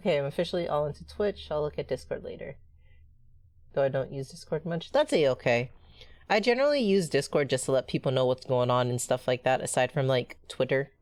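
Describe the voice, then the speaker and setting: A woman streamer giving casual let's-play commentary, excitable and chatty. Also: a bass voice, a little fast. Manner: excitable and animated.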